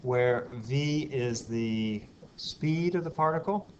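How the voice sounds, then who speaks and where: A middle-aged man with a drawl talks a classroom through physics step by step, questioning the students and wandering into asides. His voice sits at an ordinary pitch. The recording is dull and lo-fi, with a faint hiss underneath. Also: takes it slowly, darkish tone. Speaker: physics lecturer. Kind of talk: classroom lecture.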